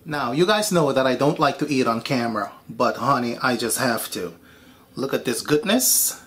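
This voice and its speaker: A man's voice: mid-range voice, moderate pace, a bit bright. A man hosting his own home cooking vlog from his kitchen, flamboyant and sassy, calling viewers "honey" and "baby" and breaking into frank rants. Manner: frank, ranty asides to viewers. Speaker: home cooking show host. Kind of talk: casual cooking vlog to camera.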